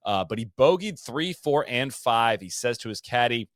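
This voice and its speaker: A man co-hosting a podcast, telling golf history in a loose, animated way, full of fillers and restarts. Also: mid-range voice, moderate pace, no echo, clean studio sound. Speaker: podcast co-host. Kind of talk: casual golf history chat.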